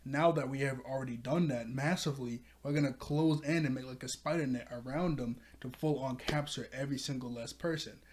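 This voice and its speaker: A man's voice: medium pitch, brisk, few pauses, a little mellow, slight background noise. A man casually recapping an anime episode, rambling with lots of fillers and frequent chuckles. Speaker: anime reviewer.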